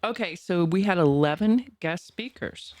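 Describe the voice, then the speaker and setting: A woman's voice: on the low side, lively intonation, normal speed, darkish tone. A woman in her sixties with a Boston accent, co-hosting a podcast in bubbly casual chat and laughing often. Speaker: podcast co-host.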